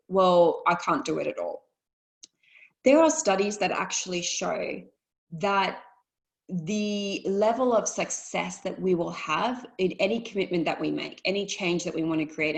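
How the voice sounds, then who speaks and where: A woman's voice: medium pitch, rough recording. Chatty woman coaching a webinar. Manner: chatty and encouraging, acts out quoted dialogue. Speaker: life coach hosting a webinar. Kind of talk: casual coaching talk to an online audience. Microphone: video call.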